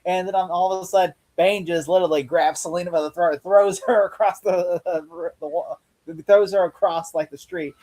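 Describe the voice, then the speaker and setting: A man's voice: sits high, fairly even intonation, moderate pace, a little mellow. Rambling man retelling scenes. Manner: rambling retelling, acts out lines, laughs often. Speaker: podcast host. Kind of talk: casual chat.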